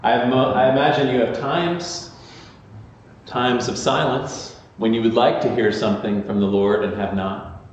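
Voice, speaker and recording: Heard from a distance in a big, reverberant sanctuary, this muffled recording features a pastor with a medium, steady voice preaching at a measured pace. His sermon is conversational, full of fillers and restarts, with a little hiss or hum underneath.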